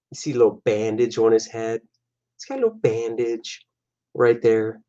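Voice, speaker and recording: A man casually walks through his own comic pages, animated and chatty, often slipping into voices for his characters. The recording sounds dull and lo-fi. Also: medium pitch, moderate pace. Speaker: comic artist and show host.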